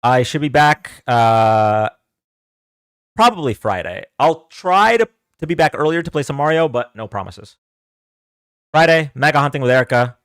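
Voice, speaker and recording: A man's voice: medium pitch, animated, moderate pace, fairly bright tone, clean tone, dry recording, clean studio sound. A man hosting a casual livestream, chatting loosely with fillers and easy laughs. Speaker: livestream host.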